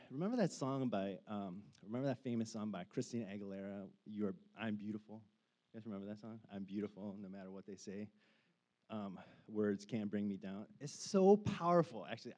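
A man's voice: medium pitch, darkish tone, dull audio. A man in his forties preaching a sermon as a pastor, casual and conversational with lots of filler words, building to fervent passages.

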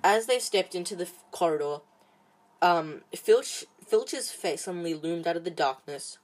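A woman reading a novel aloud chapter by chapter, halting often with restarts and fillers. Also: on the low side, lively intonation, a little mellow. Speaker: storybook reader.

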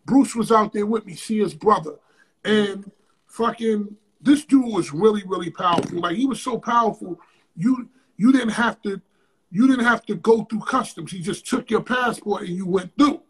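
A man with a strikingly high, raspy voice recounts a story as an interview guest. He swears freely and tells it in an animated, casual way, often jumping into loud outbursts. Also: moderate pace. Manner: profane, animated storyteller with sudden loud bursts.

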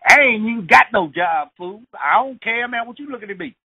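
A man voicing a hotheaded young street tough who is picking fights, loud and taunting. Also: very high-pitched, expressive, brisk, breathy edge, voice pushed up, full character voice. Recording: tinny dry phone line.

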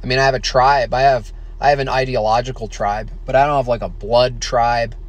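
An American man casually answering viewer questions on a stream, halting with many fillers and restarts. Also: medium pitch, fairly even intonation, highs cut off. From United States. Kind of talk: casual livestream chat.

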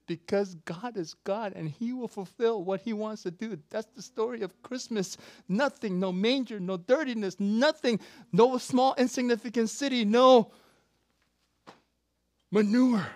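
A preacher giving an animated, playful sermon with sudden shouts and laughter, recorded close and dry. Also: mid-range voice, measured pace, no room sound.

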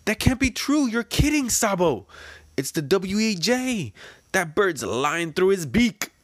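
A man voicing a group of shocked revolutionaries in high, strained disbelief while reading a comic aloud. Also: very animated, a little slow, dry recording, studio quality, exaggerated voice. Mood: disbelieving.

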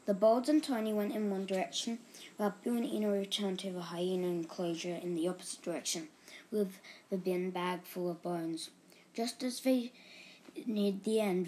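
A woman reading a children's book aloud in a steady, expressive storytelling manner. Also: lowish voice, a little hiss or hum. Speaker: reader.

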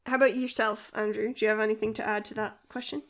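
A woman's voice: mid-range voice, flat delivery, fast. A woman who creates and writes a podcast, chatting casually and rambling with many fillers as she answers listener questions.

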